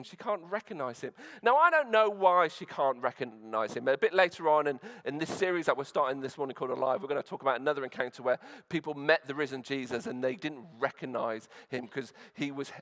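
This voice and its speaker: A man's voice: medium pitch, fairly bright tone. A male pastor preaching a sermon in church, retelling a scripture story earnestly with frequent restarts and fillers.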